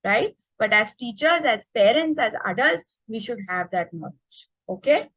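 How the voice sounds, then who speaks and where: Lively, bright-voiced teacher. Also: female voice, a little high, moderate pace, dry recording, poor audio. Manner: energetic, checks in often with "okay?". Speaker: teacher trainer. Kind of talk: online teacher workshop. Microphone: video call.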